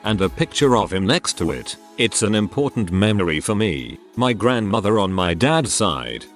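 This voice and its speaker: A man reading online posts aloud as a channel narrator. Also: lowish voice. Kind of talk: scripted narration. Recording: faint music underneath.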